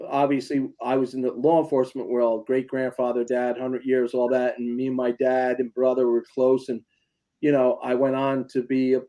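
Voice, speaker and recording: A man's voice: mid-range voice, mellow. A man hosting a talk radio interview, asking questions and telling emotional family stories in a rambling, casual way. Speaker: radio show host.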